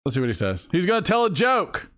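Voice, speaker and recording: A man's voice: high-pitched, wildly swooping pitch, quick pace, a bit bright. A man hosting a live stream, chatting casually and rambling, laughing often and talking to his viewers. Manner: rambling, giggly, talks to chat. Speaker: host.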